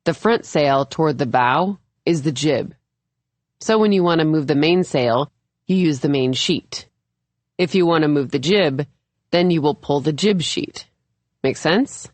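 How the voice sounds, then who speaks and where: Low, unhurried woman narrating. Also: dry recording. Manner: first-person storytelling with light character voices. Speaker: audiobook narrator. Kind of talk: scripted narration.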